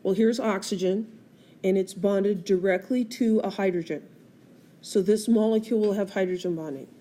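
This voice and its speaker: Mellow-voiced woman teaching chemistry. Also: medium pitch, moderate pace. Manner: explains step by step, asks the class questions. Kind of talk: screencast lecture. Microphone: tablet screencast recording.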